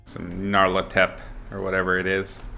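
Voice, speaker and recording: A man with a fairly low voice talks casually through a live sketching session. He greets viewers and thinks aloud in a relaxed, chatty way, with soft music playing faintly behind him. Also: normal speed, gravelly. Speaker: illustrator streaming a live drawing session. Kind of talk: casual live-stream chat while sketching.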